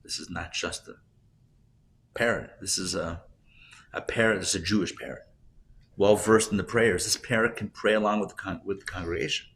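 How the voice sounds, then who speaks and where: A rabbi with a lowish male voice teaches a live class in a conversational, joking way. He asks his listeners questions and builds to loud, animated points. A faint hum of background noise sits under the recording. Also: brisk, long pauses. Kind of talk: live Torah class with jokes and audience back-and-forth.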